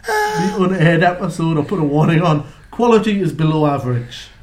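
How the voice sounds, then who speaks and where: A man's voice: a little high, very animated, fairly quick, darkish tone, a little hiss or hum. A man co-hosting a podcast in casual chat, joking around and laughing often. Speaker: podcast co-host.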